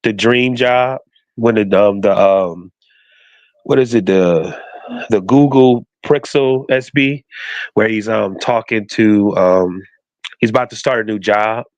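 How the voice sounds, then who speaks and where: A man's voice: lowish voice, takes it slowly, no room sound. Rambling man in his forties, casual chat. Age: 40s. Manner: rambling, many fillers and asides. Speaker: podcast co-host.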